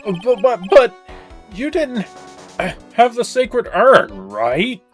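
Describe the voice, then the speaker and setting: A man's voice: extremely high pitch, huge pitch swings, slow, faint music behind, full character voice. A man voicing a wry young male defense lawyer in a fan dub of a video game, dry and sarcastic.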